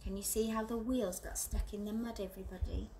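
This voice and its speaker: A woman's voice: mid-range voice, a little fast, slight background noise. A woman reading a picture book aloud to children in a sing-song storyteller manner, asking them questions along the way. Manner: animated, sing-song, talks to kids.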